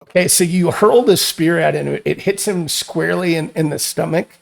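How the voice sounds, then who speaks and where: A man narrating a tabletop game as game master, halting and repeating words as he goes. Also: fairly high pitch, gravelly.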